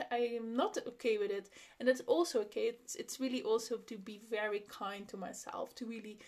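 A woman's voice: a little high, a little mellow. A young adult woman hosting a solo podcast, talking openly and personally, laughing often and restarting her sentences. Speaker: podcast host. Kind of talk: reflective solo podcast talk.

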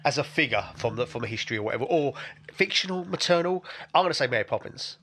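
A man's voice: medium pitch, animated, fast, fairly bright tone. A man rambling crudely in a drunken casual chat, laughing often. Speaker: podcast co-host. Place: room by a crackling fire.

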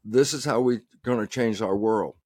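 An animated man speaking as an interview guest, and his pitch leaps up and down for emphasis as he quotes his own remarks. The sound is dry and close, with no room around it. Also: moderate pace, no echo. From United States. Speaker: guest scientist. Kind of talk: passionate interview talk.

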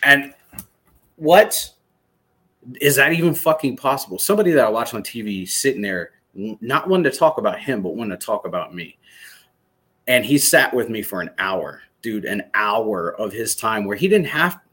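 Excitable low-voiced man from Michigan. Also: brisk, breathy edge. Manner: animated, swearing, excited storyteller. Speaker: podcast guest, former soldier. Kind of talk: casual storytelling interview.

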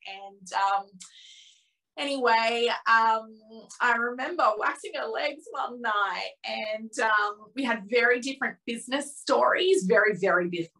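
A woman in her thirties, a podcast guest telling a personal story candidly and with feeling, acting out the dialogue in lively voices. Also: on the high side, measured pace, gravelly, rough recording. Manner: candid, emotional, swears freely.

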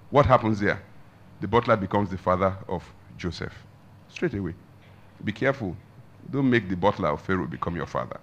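A man preaching a sermon as a pastor, emphatic, with big swings in pitch and loudness and slow drawn-out emphasis. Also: expressive, muffled recording.

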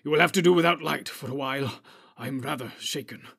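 A man voicing an old male wizard, stern and commanding, giving urgent, forceful orders in a husky voice in an audiobook reading. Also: mid-range voice, a little fast. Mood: shaken, urgent.

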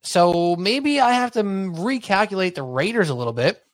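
Animated, rambling male podcast co-host. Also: high voice, normal speed, dry recording. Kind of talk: casual sports podcast chat.

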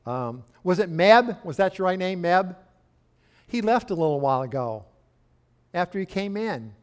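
A man's voice: high voice, very animated, normal speed, clear, resonant tone. An older man giving a sermon as a pastor in a church, in a folksy, chatty way with asides to the congregation.

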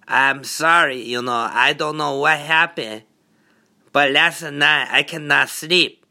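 A man's voice: a little high, fairly even intonation, slow pace, sharp tone, full character voice. A man putting on a nagging worried mother. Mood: complaining. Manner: broken English, dramatic complaining. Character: worried immigrant mother, broken English, nagging.

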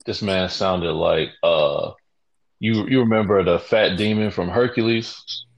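A man's voice: sits low, unhurried, gravelly. A man telling a work story in casual slang, laid-back and amused. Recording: dull lo-fi recording.

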